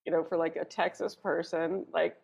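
A woman's voice: on the low side, level tone, moderate pace, gravelly, a little mellow, slightly rough. A woman hosting a podcast who chats casually and rambles with lots of fillers and giggles. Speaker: podcast host.

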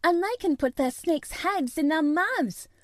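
A woman voicing a serious, earnest young girl who talks in a hushed, intent way. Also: very high voice, lively intonation, measured pace, pitched above the performer's own voice.

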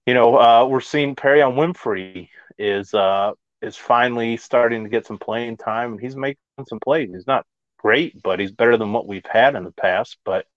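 A man hosting a casual sports talk show, measured and thoughtful. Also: mid-range voice, dry recording, highs cut off. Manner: measured, with fillers. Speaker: podcast host.

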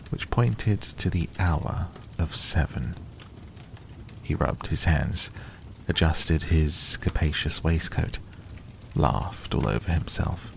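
A man reads a bedtime audiobook in a soft, calm way. His voice is very deep and gravelly, and he takes his time over each phrase, with a faint fire crackle behind him. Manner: soft, calm, gentle reading. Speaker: audiobook narrator.

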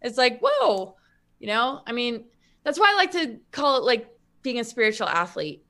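A woman's voice: a little high, sing-song, normal speed, pushed and bright. A woman guest in casual spiritual conversation, rambling with many restarts and filler words.

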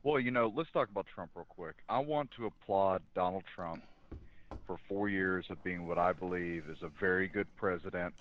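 A man in law enforcement, appearing as a guest on a talk show, speaks in a fairly low voice about politics in a casual way. He sounds earnest and opinionated, often pausing with fillers, and the line is dull and lo-fi.

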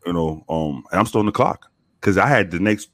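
A man's voice: low-pitched, brisk, dry recording, studio quality. A man, a former police officer, telling a story in a laid-back, casual way, cursing freely and acting out what people said. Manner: laid-back, profane, animated when quoting people.

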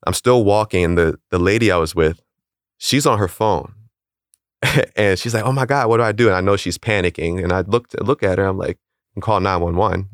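Deep-voiced man telling a story calmly. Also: moderate pace, no room sound, studio quality. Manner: calm, matter-of-fact, chuckles at odd details. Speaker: storyteller recounting a personal event. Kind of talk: casual interview storytelling.

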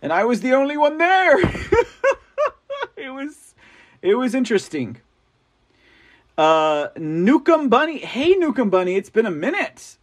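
Male livestream host, high voice, loose chatty delivery, answers the chat. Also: very animated, moderate pace. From Texas. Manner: chatty, reads and answers viewer comments, frequent laughs. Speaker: livestream news show host. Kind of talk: casual live-chat talk.

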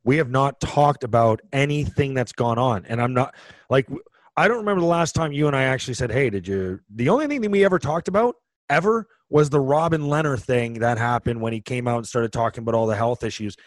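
A man's voice: medium pitch, a little fast, dry recording. A man co-hosting a podcast, telling stories in a rambling, casual way full of restarts. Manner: rambling storyteller with many restarts. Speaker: podcast co-host, former hockey player. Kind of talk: casual chat.

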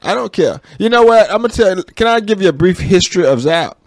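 A man's voice: high voice, animated, quick pace, no room sound. A man co-hosting a podcast in a studio, bantering playfully, repeating lines and trying out silly voices. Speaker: podcast co-host. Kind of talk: casual banter.

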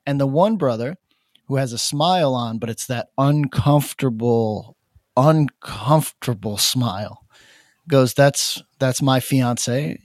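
A man's voice: mid-range voice, measured pace, darkish tone, no echo, clean studio sound. A man on a podcast, casually retelling a story with lots of fillers and acted-out quotes. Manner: rambling, many fillers, acts out quotes. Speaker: podcast co-host. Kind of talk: casual chat, animated storytelling.

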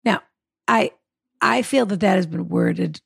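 A woman's voice: medium pitch, measured pace, gravelly, slightly rough, dry recording, studio quality. A woman hosting a podcast in casual chat, reading a listener's email aloud with playful, teasing asides. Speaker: podcast host answering listener advice emails.

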